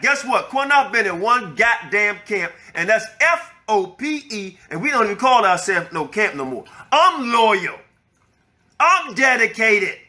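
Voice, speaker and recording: Male religious elder, loud and profane, sharp high-pitched voice, heated rant. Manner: angry, profane, preaching, repeats the clip's words to rebut them. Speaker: elder of a religious group, host reacting to a clip. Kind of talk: heated reaction commentary.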